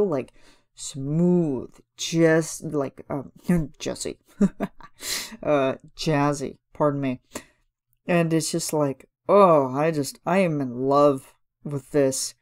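Speaking slowly in a low, slightly mellow voice, a woman reviews a cover song on her solo podcast, recorded in a home room. She's chatty and gushing, full of fillers, and now and then breaks into lines of the lyrics.

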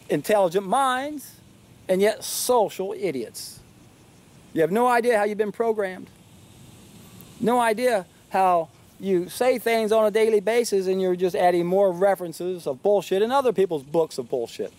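High-voiced indignant man. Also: moderate pace, a little mellow. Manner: indignant, emphatic, repeats key phrases. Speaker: video commentator. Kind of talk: monologue to camera.

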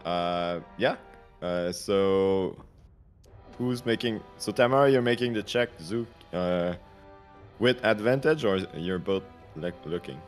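A man running a tabletop role-playing game as dungeon master, speaking in a measured, hesitant way with fillers. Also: low voice, faint music behind.

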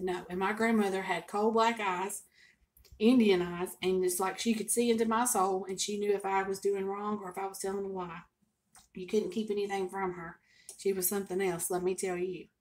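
Folksy older woman storyteller. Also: mid-range voice. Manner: folksy, chatty, expressive storytelling. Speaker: home cooking vlogger. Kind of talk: casual storytelling to camera.

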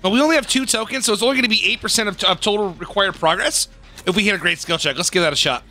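A man giving casual, excitable gameplay commentary as a gaming YouTuber, swearing and laughing often. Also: sits high, rapid-fire, slight background noise.

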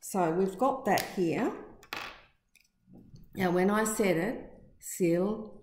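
A middle-aged woman teacher giving a recorded spelling lesson to her pupils, slow and deliberate, stretching words out to show their syllables. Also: medium pitch, lively intonation, slight background noise. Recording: echoey room.

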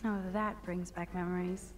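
A woman's voice: fairly low pitch, flat delivery, moderate pace, soft background music, close to an everyday voice. An actress voicing a wry, reflective young female student in a video game.

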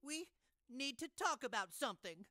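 A man's voice: extremely high pitch, very animated, moderate pace, sharp tone, no echo, studio quality, heavily acted. An actor playing a polite young male pop singer who pleads with his boss. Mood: earnest. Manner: polite, pleading, cowers under threat.

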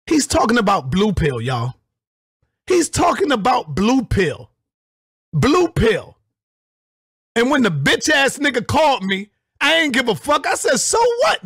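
A middle-aged man with a strikingly high, husky voice tears into a rival in a confrontational vlog rant. His pitch swings wildly as he swears and breaks into shouts. The sound is dry and close, with no room echo. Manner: confrontational, profane, shouting bursts. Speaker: vlogger. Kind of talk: angry call-out rant.

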